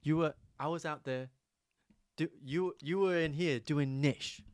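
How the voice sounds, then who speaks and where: A young American man co-hosting a casual podcast, laid-back and quick with agreeing interjections. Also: fairly high pitch, dry recording, clean studio sound. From United States. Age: young adult. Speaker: podcast co-host.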